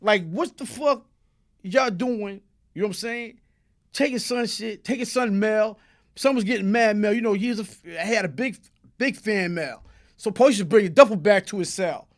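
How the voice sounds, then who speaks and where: Brisk and high-voiced, this Brooklyn man with a New York accent guests on an interview with a long, profane, streetwise yarn. It's casual storytelling, dotted with tag questions like "you heard?".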